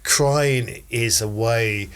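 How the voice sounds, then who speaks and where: A man hosting a podcast in casual chat, talking in a thoughtful, measured way. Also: mid-range voice, a bit bright, clear, resonant tone. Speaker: podcast host.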